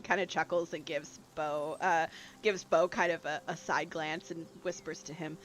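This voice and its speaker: A game master narrating a tabletop game, halting often with fillers and restarts. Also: mid-range voice, fairly even intonation, a bit bright, slight background noise. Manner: hesitant narration with many fillers.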